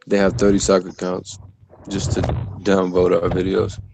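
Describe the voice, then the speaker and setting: A man with a very low, gravelly voice jokes and mocks his critics in loose banter. A faint hiss of noise sits underneath. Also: completely flat delivery, a little slow. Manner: mocking, joking banter. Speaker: co-host. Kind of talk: casual chat.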